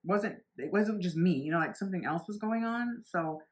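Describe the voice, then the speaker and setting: A beauty vlogger in her forties tells a personal story bluntly and candidly, swearing freely and acting out what other people said. Her voice is fairly low and she talks at a normal speed.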